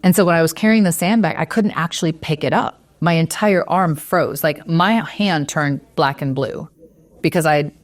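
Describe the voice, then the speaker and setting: A woman's voice: sits low, moderate pace, no room sound. A middle-aged woman, a real estate broker, earnestly telling a personal story in an interview and growing teary as she goes. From Las Vegas area. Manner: earnest, animated, retells dialogue. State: teary, near crying.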